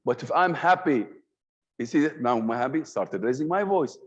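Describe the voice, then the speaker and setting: A man's voice: medium pitch, normal speed, slightly rough. A man, an Arabic speaker, lecturing a class on communication and freely raising and dropping his voice as he mixes Arabic words into his English. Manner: animated, swings his voice up and down on purpose. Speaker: trainer in communication skills. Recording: dull lo-fi sound.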